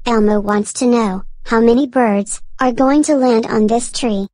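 A man voicing a cheerful small red furry monster child in a high squeaky falsetto on a children's puppet show. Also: fairly even intonation, a little slow, a little mellow, no echo. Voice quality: high squeaky falsetto, speaks of himself by name.

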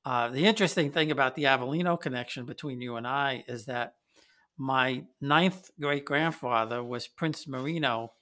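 A man's voice: medium pitch, normal speed, sharp tone. A man hosting an interview, chatting casually and asking questions about family connections. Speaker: interviewer, host. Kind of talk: conversational interview.

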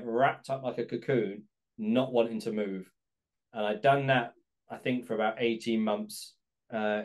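A man's voice: mid-range voice, darkish tone. A man, hosting a podcast and candidly telling a personal story, acting out phone calls with his dad. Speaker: podcast host.

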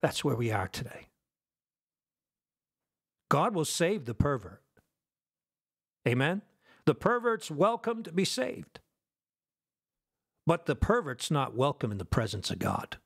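A man preaching a fervent sermon, firing rhetorical questions at his listeners and swinging between loud declarations and hushed lines. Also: a little high, very animated, slow, gravelly, long pauses, breathy edge. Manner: asks the audience rhetorical questions.

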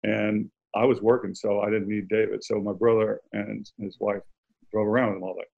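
A man's voice: on the low side, flat delivery, normal speed, creaky, husky, phone-quality sound. An older American man, a guest author, chatting casually in an interview and telling anecdotes with easy laughs. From United States. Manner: laughs easily, anecdotal storytelling.

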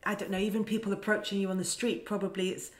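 A British sports presenter talking as a podcast guest, her voice pitched in the middle. She speaks thoughtfully and with self-deprecation, and the recording carries a noticeable roomy echo. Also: flat delivery, fast talker. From United Kingdom. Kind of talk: casual interview chat.

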